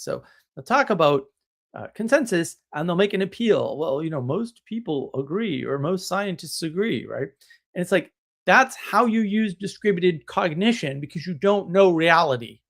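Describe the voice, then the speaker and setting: A man's voice: high-pitched, gravelly. A man hosting a live stream, ranting in a casual, blunt and scornful way, with sarcastic laughs. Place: home, drinking tea on stream.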